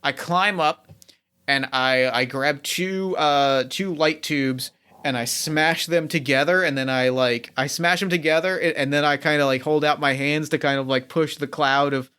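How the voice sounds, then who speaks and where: An eager man describes his character's wild actions in a tabletop game, often stumbling over repeated words. His voice is bright and smooth. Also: fairly high pitch, fairly even intonation, normal speed. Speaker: player.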